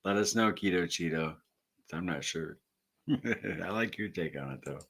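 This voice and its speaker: A man in his forties with a lowish voice, co-hosting a casual live Q&A. He is easygoing and jokey, and reads viewer comments out loud as he goes. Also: lively intonation, unhurried, husky. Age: 40s. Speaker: co-host reading viewer comments.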